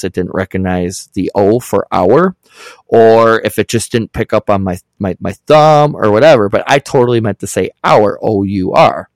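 Middle-aged man, podcast co-host, low voice, dry close sound, animated storyteller. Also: dry recording. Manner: storytelling, acts out text exchanges. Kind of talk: casual podcast chat.

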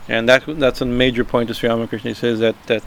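A man giving an informal spiritual talk, halting and repeating himself, often checking in with a quick "right?" and chuckling as he explains. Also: mid-range voice, little pitch movement, a bit bright, a little hiss or hum. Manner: halting, repeats words, frequent "right?" asides. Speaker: spiritual teacher.

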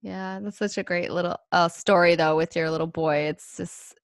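A woman in a casual faith chat, speaking in a reflective, soft-spoken way with some fillers. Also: on the low side, steady tone, normal speed, dry recording, studio quality.

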